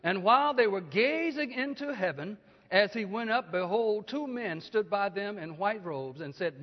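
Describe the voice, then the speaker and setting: Preacher guy, really high voice, keeps asking the crowd questions, muffled recording in a big echoey hall. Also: lively intonation, normal speed. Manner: call-and-response preaching, asks the congregation questions; rises to loud emphatic peaks. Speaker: pastor. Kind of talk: sermon. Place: church. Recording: dull lo-fi church hall recording.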